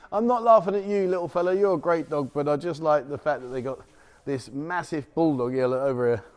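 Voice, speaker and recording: In a walk-and-talk street vlog, a middle-aged male vlogger chats and jokes while strolling a city street outdoors at dawn, filmed on a handheld camera. His voice is on the high side at normal speed, and he chuckles at his own remarks.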